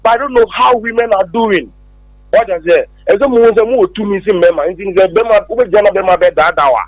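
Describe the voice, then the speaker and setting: A man's voice: high-pitched, fast, no echo. A man calling in to a radio show, making his point emphatically and switching into English now and then. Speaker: caller. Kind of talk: phone-in opinion. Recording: phone line.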